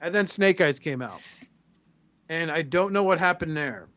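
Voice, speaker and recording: A man co-hosting a casual podcast, his voice sitting a bit high for a man. He talks in a loose, profane way and tells stories with gusto. The recording sounds a little muffled. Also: normal speed, no room sound. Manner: profane, animated storyteller who acts out quotes. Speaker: podcast co-host.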